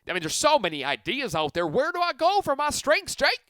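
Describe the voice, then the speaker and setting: A man's voice: extremely high pitch, huge pitch swings, fairly quick, bright, forceful tone, no echo, clean studio sound, pitched above the performer's own voice, exaggerated voice. A man putting on a southern twang to voice a puzzled listener who asks where to find his strengths. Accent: Southern US twang, put on.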